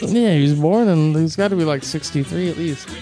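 A man's voice: fairly high pitch, brisk, dark tone, faint music behind. A man co-hosting a casual show, laid-back and quizzing his partner. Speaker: radio show co-host. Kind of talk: casual banter.

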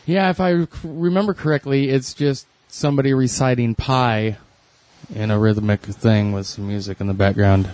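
A man co-hosting a casual comedic chat, sharing bits of trivia in a relaxed way. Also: mid-range voice, moderate pace.

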